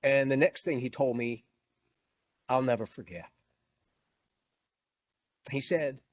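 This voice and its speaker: A man's voice: medium pitch, slow, long pauses, dry recording. Emotional man telling a motivational story. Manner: storytelling, emphatic, grows emotional. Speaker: motivational speaker. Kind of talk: inspirational keynote talk.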